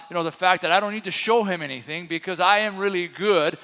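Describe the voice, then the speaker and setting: A man in his sixties with a light French accent preaches in a relaxed, storytelling way, full of little fillers. His voice sits a bit high for a man. It rings out with a long church-hall reverb. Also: moderate pace, few pauses. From France. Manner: storytelling, chatty with many fillers. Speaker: co-pastor. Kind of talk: sermon. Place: church sanctuary.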